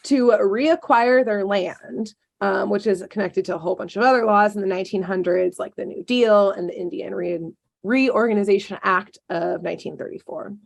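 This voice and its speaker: A woman co-hosting a podcast, telling a dark history story in a casual way, with sarcastic asides and lots of ums. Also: mid-range voice, fairly even intonation, fairly quick, creaky.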